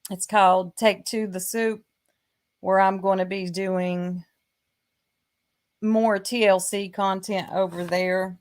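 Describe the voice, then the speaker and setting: A woman's voice: medium pitch, level tone, slow, pauses often. A woman with a Southern US accent hosting a casual livestream, chatting and teasing while greeting viewers by name. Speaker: livestream host.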